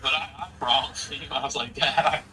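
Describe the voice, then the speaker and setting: A man's voice: medium pitch, steady tone, brisk, recorded from a distance, crowd noise, rough recording. A man in his forties in casual chat, talking bluntly and with a lot of swearing as he rambles through a family story. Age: 40s. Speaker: streamer.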